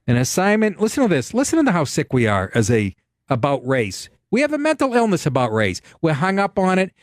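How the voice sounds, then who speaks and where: A man hosting a talk radio show, ranting and telling stories in a profane, animated way from a studio. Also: on the high side, a little fast, no room sound. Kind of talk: casual talk radio monologue.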